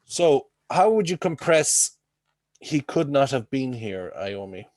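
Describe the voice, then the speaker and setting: Male English teacher, video call, dry close sound, mid pitch, chatty explaining, keeps asking okay. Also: very animated, slow pace, darkish tone, no echo. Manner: explains with homely comparisons, checks in with frequent "okay?". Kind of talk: online class teaching.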